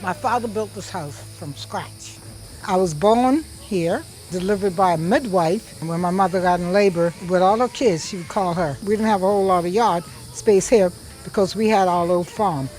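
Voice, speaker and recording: A woman's voice: lowish voice, normal speed, a little mellow. Gullah-accented South Carolina woman cook. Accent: Gullah Geechee South Carolina. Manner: homey, proud, explains as she works. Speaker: chef and cookbook author. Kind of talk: casual talk while cooking. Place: outdoors at a family cookout.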